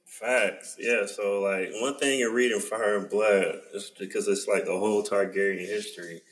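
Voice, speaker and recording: A man, talking excitedly with slang, swearing and constant "like" as a podcast co-host. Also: fairly low pitch, moderate pace, poor audio. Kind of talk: casual chat.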